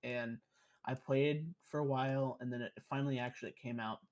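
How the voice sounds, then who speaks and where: A man's voice: medium pitch, a little fast. A young man, a podcast guest, telling rambling stories in casual, profane chat. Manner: profane, rambling, animated storyteller.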